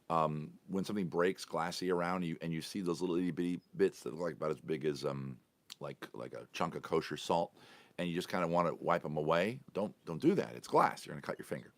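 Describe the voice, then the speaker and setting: A man's voice: deep voice, quick pace, no echo. A man hosting his own podcast, telling a casual story in a chatty, rambling way and often correcting himself mid-sentence. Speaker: podcast host.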